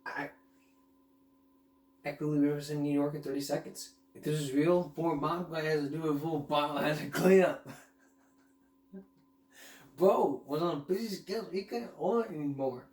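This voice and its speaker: A man's voice: on the high side, normal speed, long pauses, darkish tone. Giggly male host, casual commentary, roomy sound. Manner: giggly, laughs constantly. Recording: roomy echo.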